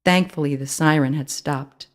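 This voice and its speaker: A woman reads her own children's book aloud in a steady, expressive narration. Her voice sits low for a woman. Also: moderate pace. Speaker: author reading her book.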